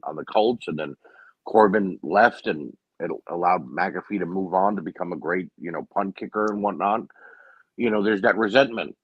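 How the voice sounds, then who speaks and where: A man's voice: sits low, dry recording, dull audio. A man co-hosting a casual wrestling recap, opinionated and often saying "you know what I mean.". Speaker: podcast co-host.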